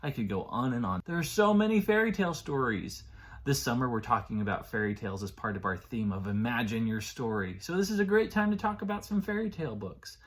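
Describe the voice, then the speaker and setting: A man leading a preschool story time as a children's librarian, reading aloud in an animated, sing-song way and talking to small children. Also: medium pitch, a little fast.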